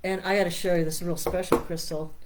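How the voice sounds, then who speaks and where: A woman's voice: on the low side, little pitch movement, a little fast, very noisy. Chatty woman rambling on a live stream. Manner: rambling, chatty, reads product labels aloud. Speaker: meditation host. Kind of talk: casual live-stream chat.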